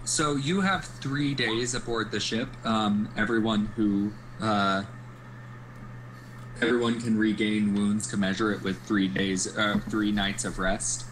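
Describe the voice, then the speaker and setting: A man narrating as game master of a tabletop game, pausing often with ums. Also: on the low side, steady tone, a bit bright, a little hiss or hum, low-quality recording. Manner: hesitant, many ums.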